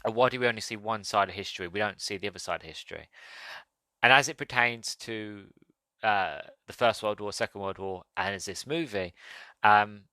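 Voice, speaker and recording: A man with a lowish but bright, forceful voice talks into a close podcast mic, earnest and halting, full of ums and restarts. The recording is dry, with no room echo. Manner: hesitant, earnest, many fillers and restarts. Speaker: podcast host, film reviewer. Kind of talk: casual solo podcast talk.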